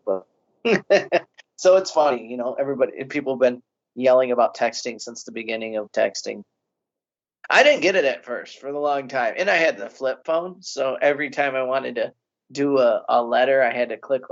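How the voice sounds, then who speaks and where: A man's voice: mid-range voice, highs cut off. A man co-hosting a comedy podcast, rambling and hesitant in casual banter. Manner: rambling, hesitant, lots of restarts. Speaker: podcast co-host.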